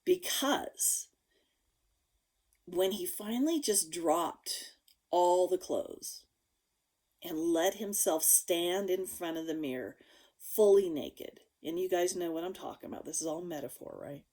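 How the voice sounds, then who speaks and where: A woman vlogger telling a personal story to her viewers, frank and casual, swearing freely, swinging between loud outbursts and hushed asides. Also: lowish voice, expressive, slow pace.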